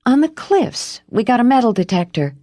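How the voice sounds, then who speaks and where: A woman voicing a spoiled, glamorous young woman in an audiobook, speaking in a high, pouting voice. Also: very animated, normal speed, dark tone, no room sound, clean studio sound.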